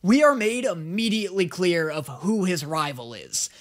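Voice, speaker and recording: A casual reaction-video host riffing sarcastically between clips and swearing freely. The delivery is animated, with the pitch swinging up and down a lot. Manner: sarcastic, profane, quick asides.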